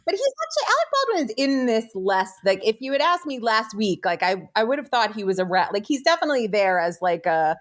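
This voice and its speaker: A woman's voice: on the high side, sing-song, brisk, hardly any pauses. A woman co-hosting a casual film podcast, rambling and filling her talk with "like". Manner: rambling, heavy use of "like". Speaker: podcast co-host. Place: Philadelphia.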